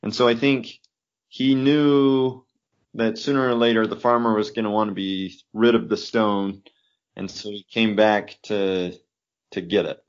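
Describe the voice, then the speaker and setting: A man in a casual book discussion, reasoning in a measured way. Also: lowish voice, steady tone, dull audio.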